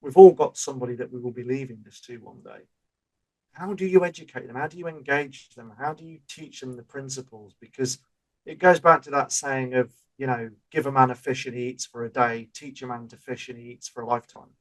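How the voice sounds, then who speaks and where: A man co-hosting a podcast, explaining with everyday examples in a relaxed chat. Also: mid-range voice, fairly quick, low-quality recording. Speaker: podcast co-host. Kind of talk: casual chat.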